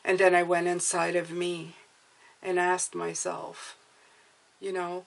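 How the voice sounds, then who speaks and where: Earnest low-voiced tarot reader woman. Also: completely flat delivery, slow pace, vocal fry, long pauses. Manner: earnest, repeats "okay?" and "you guys"; emotional, coaxing. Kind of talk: spiritual tarot reading to camera.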